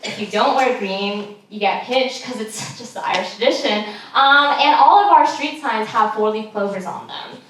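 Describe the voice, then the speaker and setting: A woman's voice: a little high, moderate pace, few pauses, a bit bright. A young woman from California doing a stand-up comedy set, chatty and self-deprecating with many ums and giggles. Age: young adult. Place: comedy show stage in a room. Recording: very echoey room, picked up from a distance, some noise.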